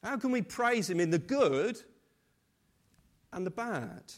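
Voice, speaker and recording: Slow, unhurried man preaching. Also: high voice, sing-song. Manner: warm conversational storytelling with gentle humor. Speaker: pastor. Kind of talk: sermon with scripture reading and prayer.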